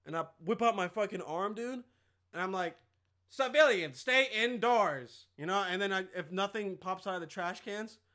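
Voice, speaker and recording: A young man hosting a podcast, riffing in a rambling, profane, casual comedic rant and now and then bursting into loud yelled impressions. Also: high voice, fairly quick. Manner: rambling, profane, full of filler.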